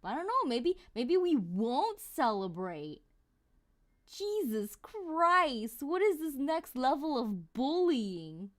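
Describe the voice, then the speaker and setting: Woman streamer, casual chat, unhurried but swoops around a lot, exclamatory. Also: high-pitched. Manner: animated, exclamatory storytelling.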